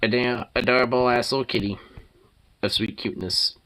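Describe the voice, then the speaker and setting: A man hosting a casual livestream, talking excitably, swearing and laughing often. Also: medium pitch, fairly quick. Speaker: livestream host.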